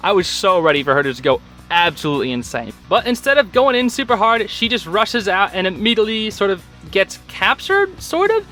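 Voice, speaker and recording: A young man giving a casual, excitable recap of a show episode, full of filler words. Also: sits high, fairly quick, soft background music.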